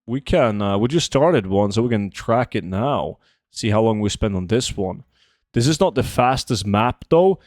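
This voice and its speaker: A streamer in his 20s chats casually with viewers while gaming, reading their questions aloud and answering them. His lowish voice is animated and a little mellow at a normal speed, recorded in a clean studio with no room sound.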